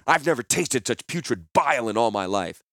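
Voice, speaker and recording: A man voicing a bold, cunning young hero in chains who calls out loudly and urgently, in a storybook reading. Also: mid-range voice, lively intonation, dry recording, clean studio sound. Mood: scheming. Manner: loud, urgent, quick-witted calling out.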